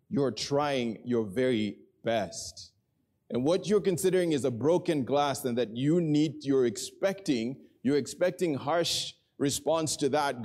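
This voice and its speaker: A middle-aged man preaching a sermon in a church, telling a story with earnest energy that settles into quiet, prayerful tones. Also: medium pitch. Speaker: pastor. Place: church hall with a congregation.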